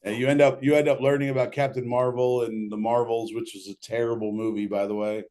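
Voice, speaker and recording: A man's voice: mid-range voice, level tone, brisk, a little mellow. A man hosting a casual livestream Q&A, reading out audience questions and joking between them. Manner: loose, joking, reads questions aloud.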